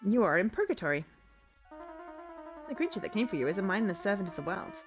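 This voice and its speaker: A woman voicing a gentle, reassuring female guide in purgatory, reading game dialogue aloud in a soft, calm voice. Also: medium pitch, fast talker, faint music behind, lightly acted. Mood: soothing.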